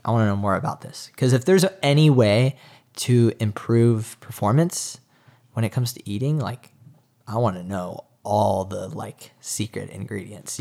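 A man's voice: medium pitch, darkish tone. A young man, a triathlete guest, talking earnestly in a casual interview, with lots of filler words. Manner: earnest, talks with many "like" fillers.

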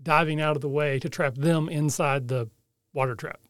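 A man's voice: on the high side, steady tone, moderate pace, dry recording. A man playing in a tabletop game, casual and joking, who asks questions about the rules. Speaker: player.

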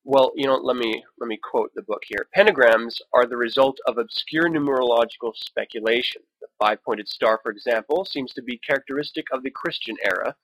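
A man's voice: medium pitch, a little fast, fairly bright tone, a little hiss or hum, low-quality recording. Casual man hosting a podcast monologue. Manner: conversational, with wry profane asides; reads book passages aloud. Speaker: podcast host.

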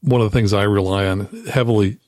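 A man's voice: on the low side, steady tone, darkish tone, no room sound, studio quality. A man who flies, co-hosting an aviation podcast and explaining things eagerly with frequent fillers. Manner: enthusiastic explainer, halting with fillers. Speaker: podcast co-host and pilot. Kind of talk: casual chat.

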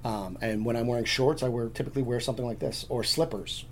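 A man's voice: mid-range voice, quick pace, a little hiss or hum. A man chatting as a podcast guest, rambling through stories with many restarts. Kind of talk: casual chat.

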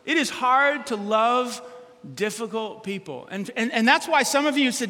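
A man preaching a sermon as pastor, animated and humorous, acting out quotes from everyday life. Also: very high-pitched, normal speed, in a large hall.

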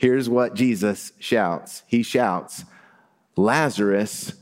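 A man's voice: fairly low pitch, normal speed. Man preaching in a reverberant hall. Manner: conversational preaching, rising for emphasis. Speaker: pastor. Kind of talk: sermon.

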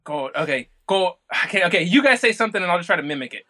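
Man from oklahoma, bright voice, giggly, rambling casual chat. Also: high voice, expressive, rapid-fire. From Oklahoma, USA. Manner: giggly, rambling, lots of fillers. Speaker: podcast host.

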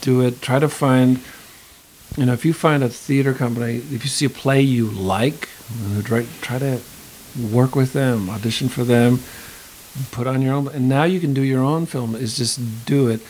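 A man's voice: mid-range voice, steady tone, moderate pace, a little mellow, poor audio. A middle-aged male actor and acting teacher in an interview, talking thoughtfully and rambling, with many restarts. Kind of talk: conversational interview. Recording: faint hiss.

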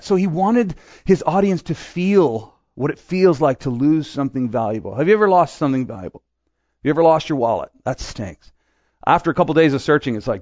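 A man's voice: on the high side, lively intonation, a little fast, darkish tone, no room sound, dull audio. A middle-aged man from Quebec preaching a sermon in a casual, joking way, acting out little voices as he tells stories. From Quebec, Canada. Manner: conversational, joking, acts out voices in asides. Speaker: pastor.

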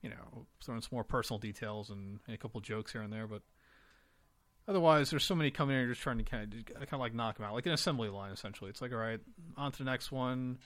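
A man co-hosting a podcast, talking in relaxed casual chat with restarts. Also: mid-range voice, no room sound. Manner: quick, relaxed, conversational with restarts. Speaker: podcast co-host.

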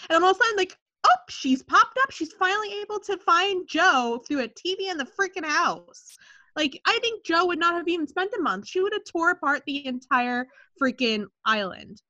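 A woman co-hosting a casual TV show discussion, talking in an animated, ranting way with lots of "like". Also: very high voice, moderate pace, highs cut off.

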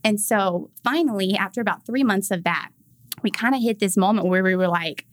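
Young mother telling lively stories. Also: fairly quick, no echo. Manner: animated, acts out quoted voices with big pitch jumps. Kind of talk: casual storytelling on a podcast.

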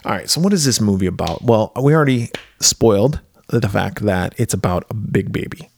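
A man co-hosting a podcast, chatting casually about a movie with profane jokes and lively storytelling. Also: lowish voice, a little fast, gravelly, slight background noise. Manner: profane, joking, animated storytelling. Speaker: podcast co-host.

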